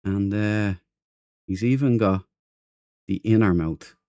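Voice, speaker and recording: A man's voice: fairly low pitch, slow, warm tone, no echo. A man hosting a casual game stream, chatty and self-mocking, greeting viewers in chat by name. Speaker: gaming livestream host.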